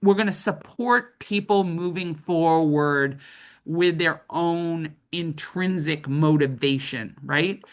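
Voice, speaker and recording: A woman's voice: low-pitched, slow pace. A middle-aged woman trainer giving a conversational training lecture, often checking in with "right?".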